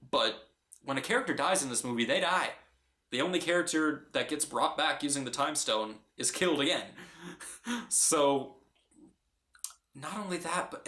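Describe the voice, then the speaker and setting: A man's voice: mid-range voice, sharp tone. A man giving a casual, earnest film review, often restarting and repeating his phrases. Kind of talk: casual movie review vlog. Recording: roomy echo.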